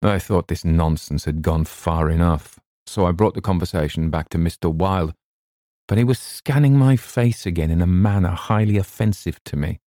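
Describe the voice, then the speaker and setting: A man narrating a classic story in a measured, deliberate way. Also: sits low, warm tone, dry recording, clean studio sound. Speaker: audiobook narrator. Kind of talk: scripted narration.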